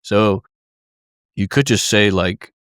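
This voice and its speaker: A man hosting a podcast, relaxed and joking as he reads out listener questions. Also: fairly low pitch, takes it slowly, clear, resonant tone, no echo, clean studio sound. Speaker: podcast host. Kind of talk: casual podcast chat.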